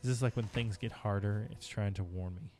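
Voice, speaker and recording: Playing a video game live with music in the background, a man chats casually to his viewers. He talks fairly quickly in a fairly low, slightly mellow voice.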